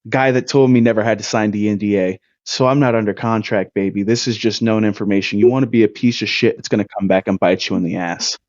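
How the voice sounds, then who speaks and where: A young man in his twenties, co-hosting a podcast and telling a story in a loose, profane, animated way. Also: on the low side, fast, few pauses, no room sound. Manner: animated, profane, swings his voice up when excited. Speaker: podcast co-host. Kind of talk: casual storytelling. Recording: dull, dry lo-fi sound.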